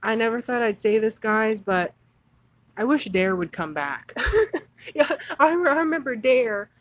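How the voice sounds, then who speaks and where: A woman with a fairly high voice reads passages aloud, then breaks off into indignant, sarcastic commentary punctuated by scornful laughs. The sound is dry and close, with almost no room around her. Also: animated, measured pace, no room sound, poor audio. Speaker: commentary channel host. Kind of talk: reading aloud and ranting commentary.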